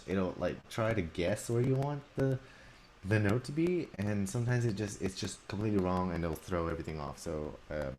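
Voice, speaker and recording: A man composing music on a live stream, chatting casually and talking through each software step as he works, with frequent restarts. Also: low voice, a little hiss or hum. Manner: talks through software steps while working, chatty with restarts.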